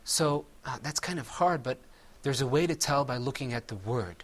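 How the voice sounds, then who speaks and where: A man teaching a Quran recitation class, patiently quizzing his students and drilling words slowly with them. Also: medium pitch, expressive.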